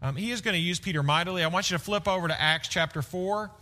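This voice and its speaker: A man preaching a sermon with a bright, fairly high voice. He talks to the congregation conversationally and keeps checking in with "right?". A long reverb from the big church hall hangs on his words. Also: fast talker. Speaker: pastor.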